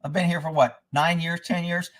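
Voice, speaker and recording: A man with a high-pitched voice hosts a livestream and launches into angry, rambling rants full of profanity. Between rants he reads out where viewers are tuning in from and what they are saying. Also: level tone, normal speed, fairly bright tone. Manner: reads out viewer locations and comments. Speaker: livestream host. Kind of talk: ranting livestream monologue.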